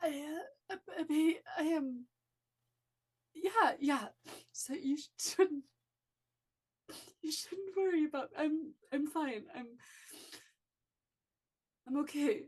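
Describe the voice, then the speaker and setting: A woman's voice: sits high, slow, pauses often, darkish tone, pitched above the performer's own voice. Give me a woman playing a stammering, shaken young man. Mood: tearful. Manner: stammering, repeating himself. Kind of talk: tabletop role-play voicing.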